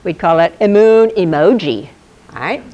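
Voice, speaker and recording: A woman gives a playful, animated astronomy club talk to a live audience, telling stories and quizzing the room with questions. Her voice is on the low side at a moderate pace, and the recording is muffled.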